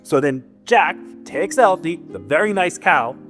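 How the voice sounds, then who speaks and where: A man's voice: on the high side, lively intonation, unhurried, fairly bright tone, soft background music. A man voicing a boastful, grumbling male giant who resents humans and tells his side of a fairy tale with tough-guy slang. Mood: indignant grumbling. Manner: indignant, rambling storyteller with street-tough grammar.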